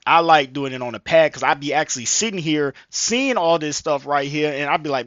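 A man's voice: a little high, expressive, fast talker, hardly any pauses, fairly bright tone, no room sound, highs cut off. A man vlogging casually into a headset mic, rambling with slang, profanity and lots of fillers. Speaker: vlogger reacting to a video. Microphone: gaming headset microphone.

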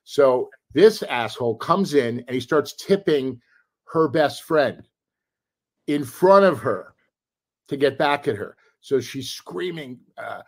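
A middle-aged man chatting on a podcast, telling a long story with lively acted-out quotes and plenty of swearing. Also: medium pitch, a little slow. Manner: animated storyteller, acts out quotes, swears freely. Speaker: podcast co-host. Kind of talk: casual storytelling chat.

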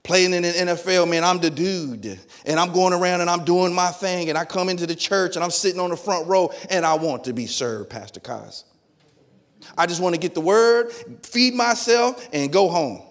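A middle-aged male pastor with a notably high voice preaches in a loose, colloquial way. He tells stories with energy and acts out the back-and-forth himself. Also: normal speed. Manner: lively storytelling, acting out dialogue in his own voice. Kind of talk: sermon.

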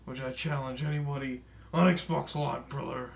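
A man's voice: medium pitch, steady tone, normal speed, gravelly, slight background noise, close to an everyday voice. A man voicing a boastful, broke, aging male pro wrestler for comedic gameplay commentary, swearing often, chuckling and calling everyone brother or dude. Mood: grumbling. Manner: tacks brother or dude onto nearly every phrase.

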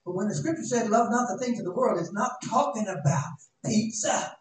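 Male pastor, high-voiced, dramatic and folksy, heard from far in a big echoing sanctuary. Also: brisk. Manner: dramatic, shouting at peaks, folksy asides. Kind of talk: sermon. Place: church sanctuary. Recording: echoey church, distant mic, faint noise.

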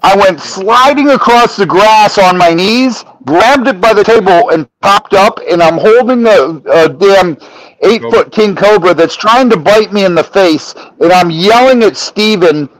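A middle-aged man telling a story as a podcast guest, animated and profane, rising to shouts when he acts out arguments. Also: sits high, a little slow, dry recording, poor audio. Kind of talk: storytelling in casual chat.

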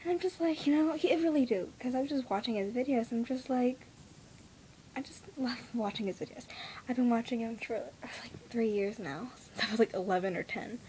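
A teenage girl vlogs excitedly from her bedroom into a laptop mic. Her voice sits a little high, breathless and giddy, and it keeps slipping into hushed whispers. A faint hiss runs under the recording. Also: a little fast. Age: teens. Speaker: vlogger. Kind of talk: excited fangirl vlog. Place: bedroom at home.

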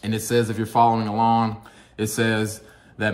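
A man's voice: on the low side, completely flat delivery, moderate pace. A man with a Kentucky accent giving an earnest sermon-style teaching as a guest speaker, often checking in with the listeners by asking "amen?" and "right?". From Kentucky, USA.

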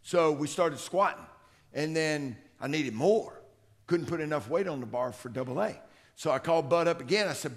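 Gravelly man telling coaching stories. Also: a little high, moderate pace. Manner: folksy, anecdotal, acts out quotes. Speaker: strength and conditioning coach. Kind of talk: conference presentation, storytelling. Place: conference room.

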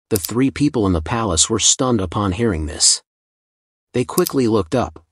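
Husky male story narrator. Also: lowish voice, no echo, clean studio sound. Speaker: recap narrator.

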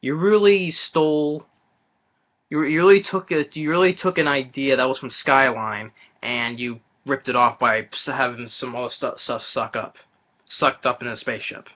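A man's voice: medium pitch, moderate pace. A man ranting in a movie trailer reaction video. He stumbles, restarts and repeats himself in exasperation. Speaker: movie reviewer vlogger. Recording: dull lo-fi recording.

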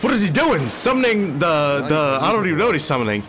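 Excitable young man reacting, music behind. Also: a little high, fast. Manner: excitable, emotional, says "bro" a lot. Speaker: anime reaction YouTuber. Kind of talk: casual reaction commentary. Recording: anime audio and music playing behind. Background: show soundtrack music.

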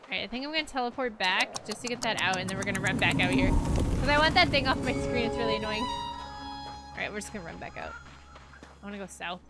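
This woman streams a game live at home, chattering to herself and her viewers through a desk microphone. Her mid-range voice is expressive and fairly quick, heard over loud music with clicky background noise.

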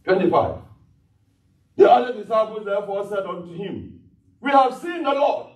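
A man preaching a sermon, retelling scripture in lively voices and calling out hallelujah. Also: high-pitched, moderate pace. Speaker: pastor. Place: church sanctuary. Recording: echoey church hall, miked from a distance.

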